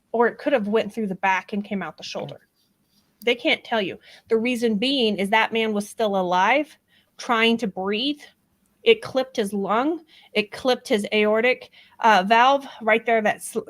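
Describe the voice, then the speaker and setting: A middle-aged woman talks through a courtroom case in casual commentary, her voice sitting a little high. She is animated and sarcastic, mimicking the people she describes. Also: rough recording. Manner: animated, sarcastic, acts out quotes. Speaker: true-crime commentator.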